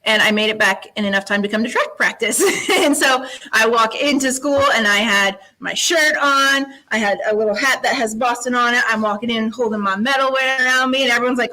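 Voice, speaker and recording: Bright-voiced woman telling her story. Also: on the high side, brisk, few pauses, poor audio. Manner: upbeat storyteller, laughs often. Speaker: guest, middle school science teacher. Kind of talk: casual interview chat.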